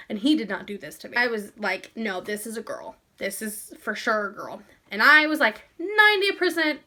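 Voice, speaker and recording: A woman's voice: on the high side, pushed and bright. Breathless chatty young woman vlogger. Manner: chatty, sighing, peppered with "like". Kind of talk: casual chat to camera.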